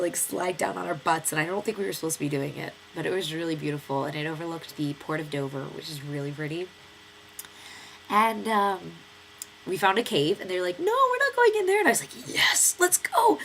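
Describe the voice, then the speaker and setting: A young American woman in her twenties tells a long story in a rambling vlog, stuffy-nosed from a cold. Her voice sits fairly low and has a gravelly, fry-laden edge. There is a faint hiss of noise under her voice. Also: fairly quick. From United States. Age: 20s. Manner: chatty, lively storytelling with many fillers and acted quotes. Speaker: vlogger.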